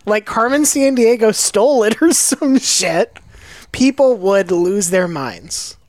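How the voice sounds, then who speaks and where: A woman's voice: fairly high pitch, animated, moderate pace, a little mellow, dry recording. A woman co-hosting a comedy podcast, swearing freely and laughing often as she jokes. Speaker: podcast co-host. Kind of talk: casual comedic chat.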